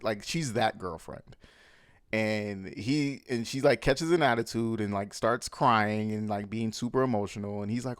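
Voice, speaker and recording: A man recapping a film in casual, animated, slangy talk, full of fillers. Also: fairly low pitch, unhurried, clear, resonant tone, no room sound, studio quality. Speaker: movie recap host.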